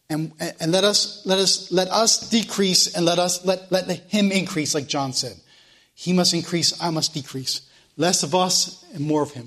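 A man with a high, fairly bright voice teaches a Sunday school class, preaching with passion and tripping over repeated words when stirred up. He then leads a prayer.

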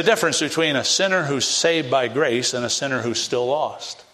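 A man's voice: mid-range voice, normal speed, hardly any pauses, bright, forceful tone. A man preaching an evangelistic sermon, pressing listeners with direct questions and rising to emphatic peaks.

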